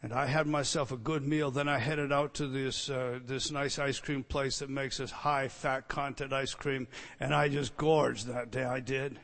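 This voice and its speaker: A man preaching a sermon, swinging between loud emphatic teaching and quiet storytelling. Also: medium pitch, little pitch movement, a little slow, creaky, few pauses. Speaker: pastor. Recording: long reverb hall.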